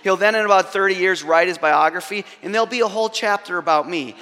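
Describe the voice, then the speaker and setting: Male preacher, fairly high voice, wry self-mocking storyteller, long hall echo. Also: fast, few pauses, sharp tone. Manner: self-deprecating, humorous storytelling. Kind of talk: storytelling sermon.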